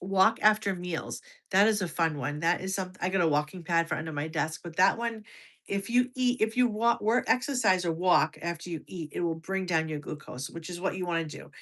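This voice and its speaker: A woman's voice: on the low side, brisk, fairly bright tone. A woman from the United States in her fifties, hosting a casual livestream, chatty and restarting sentences as she reacts to viewer comments. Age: over 50. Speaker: health livestream host.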